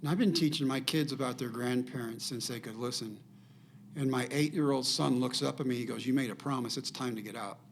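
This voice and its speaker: Gravelly older man telling a story. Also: medium pitch, brisk, slight background noise. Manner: animated storyteller acting out quoted dialogue. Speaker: podcast guest. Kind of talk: personal storytelling.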